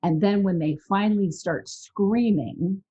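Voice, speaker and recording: A woman hosting a podcast in casual chat, earnest and animated, sometimes acting out what other people say. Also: medium pitch, measured pace, slightly rough. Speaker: podcast host. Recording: dull lo-fi sound.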